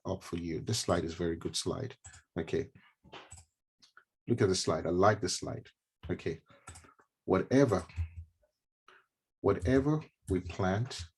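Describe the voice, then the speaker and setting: Husky man lecturing with emphatic repeats. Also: sits low, darkish tone. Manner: emphatic, repeats key phrases; conversational asides and fillers. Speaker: neurologist giving a mentorship talk. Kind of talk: motivational teaching talk with slides. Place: online stream presentation.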